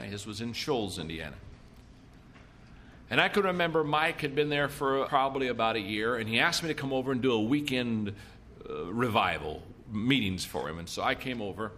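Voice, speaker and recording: A man's voice: medium pitch, pushed and bright, a little hiss or hum. A middle-aged man giving a leadership seminar talk, telling folksy stories and repeating his points for emphasis. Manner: folksy storytelling, emphatic repetition. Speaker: leadership speaker.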